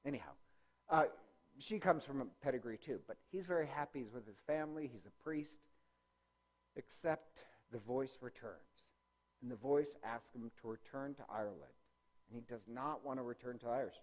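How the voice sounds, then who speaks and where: A man's voice: medium pitch, moderate pace. A man teaching a parish faith class, talking off slides in a loose, joking way with many fillers and corrections. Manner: rambling, many ums and self-corrections; conversational with jokes. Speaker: parish religious-education teacher. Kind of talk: informal lecture with slides.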